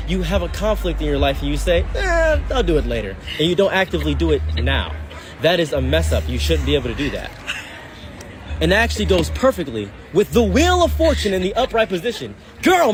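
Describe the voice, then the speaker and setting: A man's voice: on the high side, background noise. A man giving mock-mystical tarot readings to strangers outdoors on a city street, making grand theatrical pronouncements.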